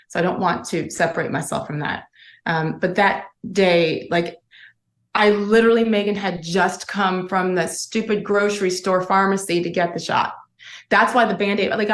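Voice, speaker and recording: A middle-aged former sportscaster, appearing as an interview guest, tells her story earnestly and emotionally, often restarting her sentences. Her voice is fairly low, and the room sounds echoey.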